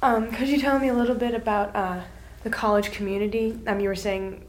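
A woman's voice: a little high, fairly even intonation, brisk. A woman interviewer asking hesitant questions full of fillers. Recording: echoey room with background noise and clicks.

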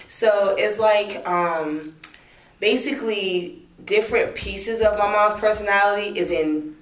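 A young woman telling family stories in a relaxed interview, laughing often and acting out what people said in a raised voice. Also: mid-range voice, measured pace. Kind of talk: casual storytelling. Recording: echoey room.

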